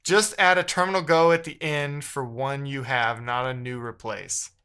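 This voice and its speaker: A man's voice: medium pitch, fairly even intonation, moderate pace, sharp tone, smooth. A man live-streaming while he codes, reading chat aloud and muttering his frustration to himself.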